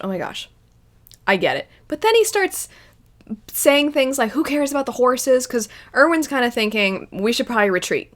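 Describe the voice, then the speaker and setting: A woman's voice: mid-range voice, fairly bright tone. Young woman, casual anime reaction host, emotional and rambling, mid-range voice. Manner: emotional, rambling, quotes scenes in little voices.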